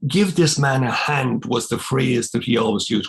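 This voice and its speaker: A man's voice: mid-range voice, moderate pace, creaky. An older Irish man, a former missionary priest, telling his life story as a podcast guest and acting out the dialogue he recalls. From Ireland. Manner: animated storyteller, acts out quoted dialogue. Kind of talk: storytelling in conversation.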